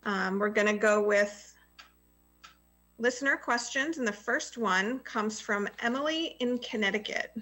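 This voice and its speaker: A woman's voice: on the high side, measured pace, sharp tone, soft background music. A woman co-hosting a radio show over a remote call, plainly reading listener questions aloud. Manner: reads letters aloud plainly. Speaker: guest co-host.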